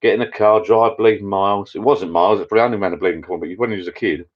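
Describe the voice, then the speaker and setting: A middle-aged man hosting a casual live chat with viewers from his backyard pub shed, rambling and getting easily excited. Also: lowish voice, racing. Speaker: channel host. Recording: dull lo-fi sound.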